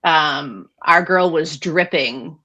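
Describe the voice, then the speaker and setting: A woman co-hosting a podcast, recapping a book in casual, animated chat full of fillers. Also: low-pitched, slow pace, slightly rough, highs cut off. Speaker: podcast co-host.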